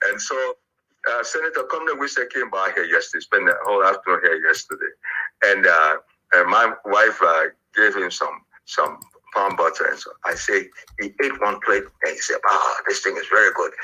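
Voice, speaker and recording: Older liberian guy, really bright tense voice, chatty storyteller with lots of uhs, radio sound. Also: deep voice, moderate pace, rough recording. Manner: animated, jokey storyteller with many fillers. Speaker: guest. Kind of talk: storytelling interview.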